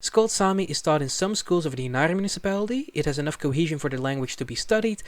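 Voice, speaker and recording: A man's voice: on the high side, lively intonation, fast talker, no room sound. A man narrating an educational video in a scripted style, with wry, casual asides and sudden emphatic jumps. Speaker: language video creator.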